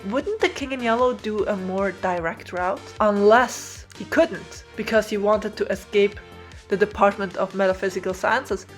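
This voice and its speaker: A woman talking in a casual, excited ramble over a drawing video, laughing often and tripping over her words. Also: medium pitch, normal speed, faint music behind. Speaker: video creator theorizing over a speedpaint.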